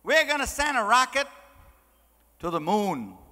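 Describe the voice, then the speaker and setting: A man voicing a loud, boastful American man with a put-on American accent in a joke. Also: extremely high pitch, sing-song, measured pace, big-room sound, full character voice. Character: loud brash male American schemer.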